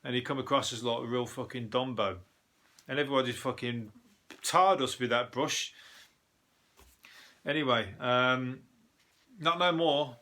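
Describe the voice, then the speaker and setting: A comedian from Birmingham talks in a broad Brummie accent, rambling from story to story with plenty of swearing and chuckles at his own lines. His voice is bright and forceful, sitting at an ordinary male pitch. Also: a little slow, pauses often. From Birmingham, England. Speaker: comedian and show host. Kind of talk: casual comedic monologue.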